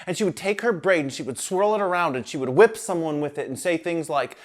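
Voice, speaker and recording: A man narrating a children's story in an animated, playful way. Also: fairly high pitch, brisk.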